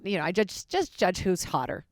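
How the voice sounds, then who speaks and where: A woman's voice: lowish voice, sing-song, moderate pace, dry recording, studio quality. A woman comedian chatting as a podcast guest, candid and rambling, joking frankly. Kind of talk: casual podcast chat.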